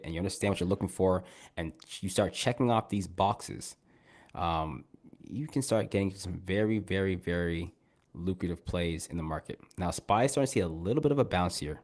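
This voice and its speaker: A man hosting a stock trading live stream, explaining setups in a relaxed, chatty way. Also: low voice. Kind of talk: casual live-stream chat.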